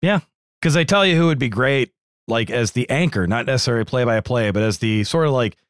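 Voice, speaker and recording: A man's voice: mid-range voice, brisk, smooth, no echo, clean studio sound. A man co-hosting a wrestling podcast in casual, jokey, digressive chat. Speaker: podcast co-host.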